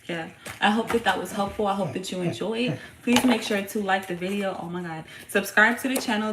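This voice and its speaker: A woman's voice: mid-range voice, a bit bright. A woman hosting a casual tarot reading at home, talking in a slangy, profane, hyped-up way to her viewers. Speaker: tarot reader and channel host. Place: home room with her young son nearby. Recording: roomy echo with faint background noise.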